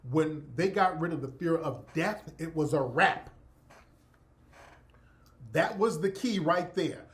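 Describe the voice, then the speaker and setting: Animated man delivering a fiery monologue. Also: fairly high pitch, takes it slowly. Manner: emphatic, profane, preacher-like. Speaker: commentator. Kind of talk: impassioned monologue.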